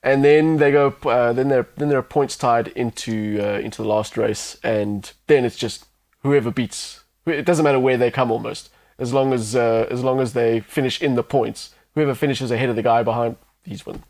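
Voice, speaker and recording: Male sports co-host, casual banter, agreeable, quick replies, mid-pitched. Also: a little mellow. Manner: quick, agreeable, back-channelling.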